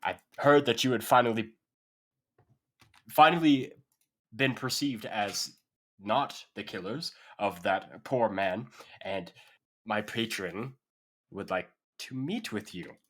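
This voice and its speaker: A man's voice: lowish voice, lively intonation, slow, pauses often, a bit bright, heavily acted. A man voicing a formal, polite male scout who makes earnest requests in a tabletop game.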